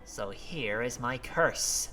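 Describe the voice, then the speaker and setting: Ominous young spellcaster woman, played by a man in a game dub, speaking low and slow. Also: animated, sharp tone, a little hiss or hum, exaggerated voice. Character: cold, mysterious young female spellcaster.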